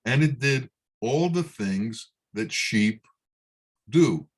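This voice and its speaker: A man, a Sufi teacher, giving a spiritual talk in a slow, measured storytelling manner. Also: medium pitch, expressive.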